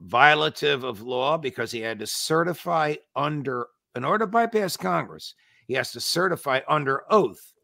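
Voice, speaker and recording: A man's voice: fairly high pitch, expressive, normal speed, creaky, sharp tone, no echo, clean studio sound. A man addressed as judge, a guest in an interview, arguing in an indignant, lawyerly way, point by point. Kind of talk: political interview talk.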